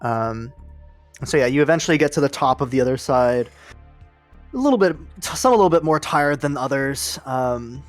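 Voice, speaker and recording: A man's voice: medium pitch, normal speed, no echo. Guy running a tabletop game, easygoing, lots of ums, some music faint in the back. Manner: relaxed, frequent ums, laughing asides. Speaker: game master.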